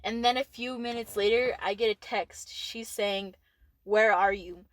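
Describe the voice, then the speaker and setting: A woman's voice: a little high, steady tone, normal speed. A young woman with a Texan accent, co-hosting a casual podcast and telling stories with lots of laughter and swearing. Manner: laughing storyteller, swears freely. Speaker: podcast co-host. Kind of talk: casual chat.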